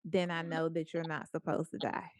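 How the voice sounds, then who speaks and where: A woman speaker telling a story to a small group in a lively, playful way, acting out the lines of the people in it. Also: low-pitched, moderate pace, dry recording, clean studio sound. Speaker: guest speaker.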